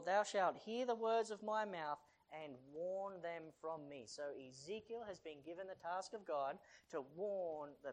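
Preacher pleading loudly in a sermon. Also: mid-range voice, rough recording. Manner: reads King James verses aloud, then explains them in chatty asides; builds to loud, urgent pleading.

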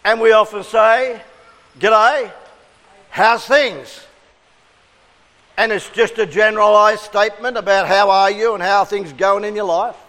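A man's voice: high voice, little pitch movement, fairly quick, few pauses, fairly bright tone, long reverb tail, poor audio. A man with an Australian accent preaching a sermon, earnest and interactive, drawing responses from his congregation.

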